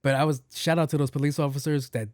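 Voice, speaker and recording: A man hosting his own podcast, telling a comic story in a profane, animated rant and acting out what other people said. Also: on the high side, fast talker, no room sound, clean studio sound. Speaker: podcast host. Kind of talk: solo comedic storytelling rant.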